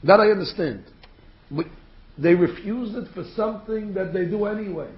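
A man's voice: high-pitched, moderate pace. A man preaching a sermon as a rabbi, firing rhetorical questions and acting out quotes. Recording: echoey room, dull sound.

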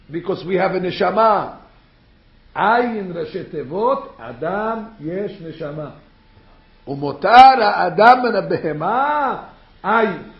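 Gravelly rabbi preaching in echoey room. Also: male voice, high-pitched. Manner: animated, rhetorical questions, acts out quotes. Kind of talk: sermon. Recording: echoey room, dull sound.

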